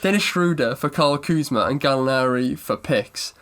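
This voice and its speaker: A man's voice: mid-range voice, normal speed, a bit bright. A man co-hosting a podcast, talking in a rambling, self-correcting, mock-serious way. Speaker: podcast co-host. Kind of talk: casual sports chat.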